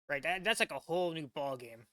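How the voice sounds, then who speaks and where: A man's voice: fairly high pitch, animated, brisk, bright, forceful tone, no echo, clean studio sound. A man from the United States hosting a casual reaction stream. He rambles, stammers and restarts constantly, fills every gap with "like", and swears when something surprises him. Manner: incredulous, swearing. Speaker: VTuber reaction host.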